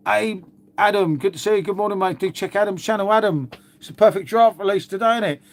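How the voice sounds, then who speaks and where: Chatty man, higher voice. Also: quick pace. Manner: chatty, rambling, calls viewers "mate". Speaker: livestream host reading chat. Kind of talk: casual live chat.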